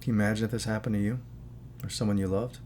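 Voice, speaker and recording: A man's voice: fairly low pitch, steady tone, rapid-fire, a little mellow, slight background noise. A man talking in a casual, earnest commentary, moralizing and rambling with many asides as he hosts his own channel. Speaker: channel host.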